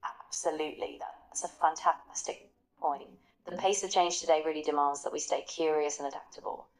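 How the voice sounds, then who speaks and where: A synthesized woman's voice with a low pitch speaks as an AI assistant. She is upbeat, polished and encouraging, and praises each answer before setting the next question. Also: fairly even intonation, moderate pace, low-quality recording. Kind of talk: conversational practice partner.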